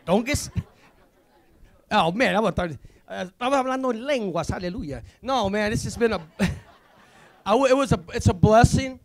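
A man, a visiting pastor, giving a rambling, excitable testimony at a church service, full of restarts. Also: sits high, fairly quick. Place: church sanctuary.

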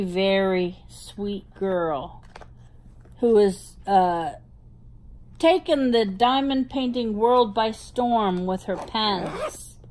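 Slow-talking gushing woman with a New Jersey accent. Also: on the high side, a little mellow. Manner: gushing, delighted over cute little things. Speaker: hobby vlogger. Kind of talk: casual show-and-tell unboxing.

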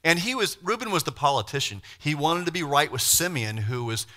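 Bright-voiced man preaching a lively sermon. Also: a little high, fairly quick. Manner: lively, acts out voices of Bible figures, laughs, asks the congregation questions. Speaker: pastor. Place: church.

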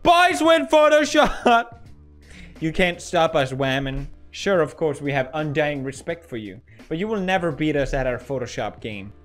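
A man's voice: medium pitch, moderate pace, hardly any pauses, soft background music. A young man hosting comedic meme commentary, goofy and ironic, laughing often. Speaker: host.

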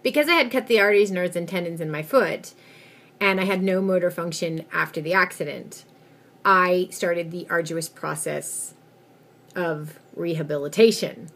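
A woman with a low-pitched voice, slightly husky and breathy, tells a personal story straight to camera. She leans into her words with vivid emphasis, giving the tale an expressive storyteller's flow. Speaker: vlogger telling a personal story.

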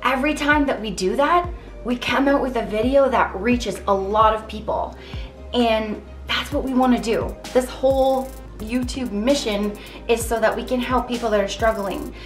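A young woman speaks straight to camera in a candid, earnest vlog, thinking aloud as she goes. Her voice sits a little high and bounces around an echoey room. Soft music plays faintly underneath. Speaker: vlogger. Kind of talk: casual talk to camera.

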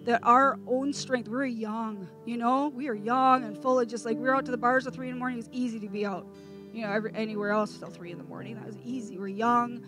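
A middle-aged woman preaching her testimony, impassioned, sometimes rising to near shouting. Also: fairly high pitch, steady tone, fast. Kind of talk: testimony sermon. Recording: music playing behind.

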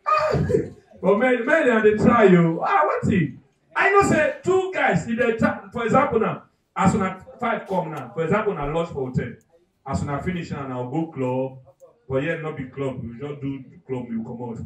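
Loud Nigerian comedian in a big echoey room. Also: male voice, on the high side, normal speed, recorded from a distance. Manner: loud, animated, acts out characters, shouts punchlines. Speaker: stand-up comedian. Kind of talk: live stand-up comedy. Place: live comedy venue. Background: audience.

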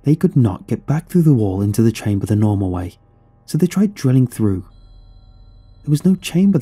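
Dark husky male horror narrator. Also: mid-range voice, big pitch swings, soft background music. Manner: somber, measured storytelling.

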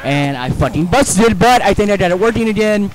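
High-voiced man yelling crude gameplay commentary. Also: expressive, brisk. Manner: crude, profane, joking rambles; bursts into loud mock-patriotic yelling. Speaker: let's play gamer. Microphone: personal computer mic.

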